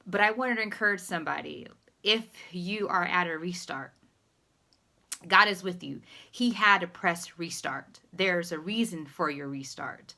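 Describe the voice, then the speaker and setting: A woman's voice: fairly low pitch, moderate pace, pushed and bright. A woman life recovery coach talking casually to her viewers, with many fillers and restarts, encouraging them. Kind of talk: casual spoken vlog.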